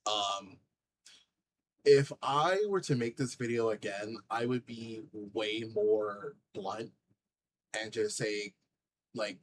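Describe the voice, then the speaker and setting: A man's voice: lowish voice, slow, pauses often, slight background noise, low-quality recording. A man hosting a reaction commentary channel, talking bluntly and indignantly with lots of fillers.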